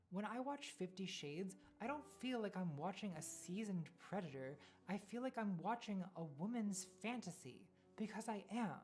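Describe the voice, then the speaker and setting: A woman's voice: mid-range voice, warm tone. Brief: female video essayist, mid-range voice, dry sarcasm, light music bed. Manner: blunt, sarcastic.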